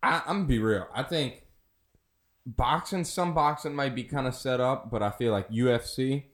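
A man's voice: mid-range voice, normal speed, a bit bright. A man with a mid-range voice joins a casual podcast chat in a garage. He talks in slangy banter and keeps joking.

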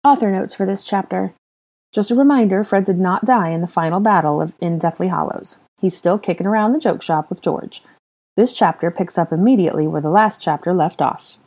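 A woman narrating a fan fiction story aloud in an expressive, animated reading. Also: lowish voice.

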